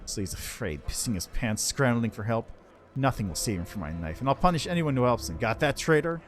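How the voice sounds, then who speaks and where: A man's voice: mid-range voice, big pitch swings, fairly quick, soft background music, natural voice. A man voicing a cruel, scheming tribal huntress who taunts in a sing-song, menacing way.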